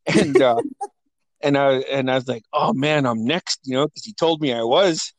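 A man's voice: mid-range voice, moderate pace, no echo, rough recording. A young adult man hosting a podcast, telling family stories in a casual, profane way and often laughing. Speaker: podcast host.

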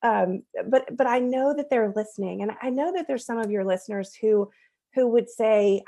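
A woman's voice: fairly high pitch, normal speed, dark tone. A woman in her thirties, a podcast guest, telling a personal story in an earnest, conversational way and laughing at herself now and then.

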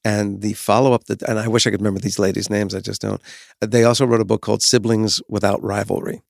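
A man's voice: on the low side, flat delivery, fast, vocal fry, no room sound, clean studio sound. A man in his fifties talking as a guest, telling candid stories in a reflective, frank way and swearing now and then. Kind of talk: candid conversational storytelling.

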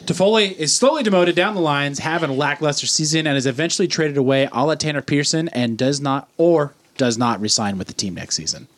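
A man's voice: fairly high pitch, brisk, few pauses, fairly bright tone. A man co-hosting a podcast, sarcastic and swearing freely in casual banter. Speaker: podcast co-host.

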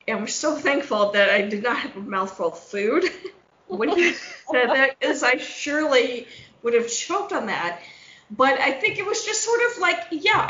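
Animated woman in an echoey room. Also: on the high side. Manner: animated storyteller, acts out voices, curses freely. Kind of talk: casual chat. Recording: roomy echo, dull lo-fi sound.

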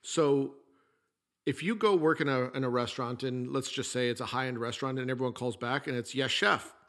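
A man's voice: mid-range voice, brisk. A middle-aged man and former chef hosting a podcast, talking through a casual monologue in a plainspoken storytelling way with the odd mild curse.

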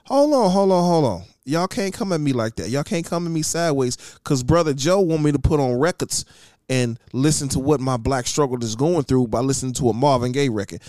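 A man's voice: medium pitch, no room sound, studio quality. A man co-hosting a casual comedy podcast, ranting and mocking the people he quotes. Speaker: podcast co-host.

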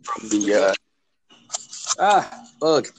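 A man's voice: on the low side, very animated, very slow, noisy background. A man co-hosting a podcast over a remote call from outdoors, chatting casually, laughing often and stammering on restarts. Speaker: podcast co-host. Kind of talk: casual banter. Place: outdoors at night among crickets.

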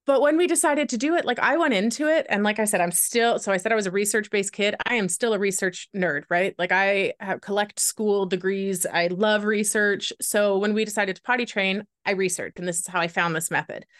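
Woman podcast guest, mid pitch, loose rambling storyteller, dry room. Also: a little fast, hardly any pauses, a bit bright, no echo. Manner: rambling, lots of filler "like". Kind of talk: candid conversational storytelling.

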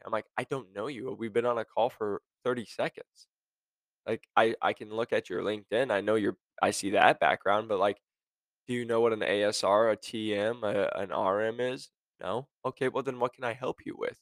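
A man's voice: lowish voice, brisk, no echo. A man hosting a podcast, talking in a blunt, sarcastic rant to his listeners. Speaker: podcast host. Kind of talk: casual monologue.

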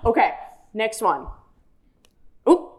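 A woman's voice: fairly high pitch, very animated, takes it slowly, crowd noise. A woman hosting a live podcast on stage, playfully quizzing the audience. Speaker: podcast host.

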